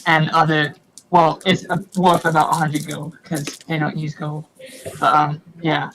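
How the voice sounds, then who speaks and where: A man speaks in a fairly high, flat voice as he plays his character in a tabletop game. He hesitates often and drops casual slang, heard through a faulty computer mic on a voice call. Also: measured pace, vocal fry, rough recording. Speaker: player. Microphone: faulty computer mic over online voice call.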